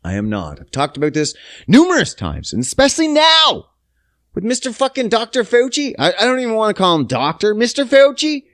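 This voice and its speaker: A man's voice: high-pitched, wildly swooping pitch, fairly quick, a bit bright, no echo, studio quality. A young man from Canada hosting his own podcast, ranting in a profane, sarcastic way. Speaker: podcast host. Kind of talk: casual solo podcast rant.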